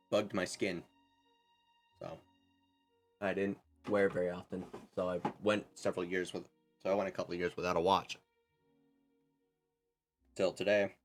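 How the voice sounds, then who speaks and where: A young man streaming a game, chatting casually in a rambling, self-correcting way. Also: deep voice. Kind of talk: casual chat while gaming.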